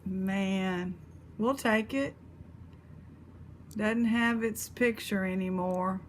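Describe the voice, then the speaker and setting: Woman, unhurried, casual jewelry vlog chat, faint room noise. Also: mid-range voice. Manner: chatty, talks to her pet and viewers while sorting jewelry. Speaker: jewelry reseller host.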